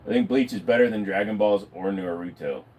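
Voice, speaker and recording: Speaking briskly in a fairly low voice, a man rambles through a casual livestream, full of fillers. He's animated and swears without restraint.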